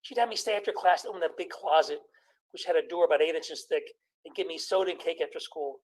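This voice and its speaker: Man in his sixties, stand-up comedian, high voice, storytelling jokes. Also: darkish tone, low-quality recording. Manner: storytelling with quick jokes and impressions of family.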